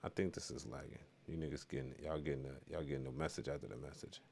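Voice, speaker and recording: A man's voice: extremely low pitch, fairly even intonation, fast, gravelly, darkish tone, a little hiss or hum. A man from Chicago doing loose, rambling live-stream commentary, reading chat and laughing at his own remarks.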